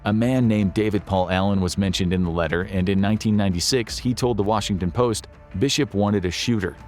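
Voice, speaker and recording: A man reading scripted documentary narration in a measured, even storytelling manner. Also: fairly low pitch, faint music behind.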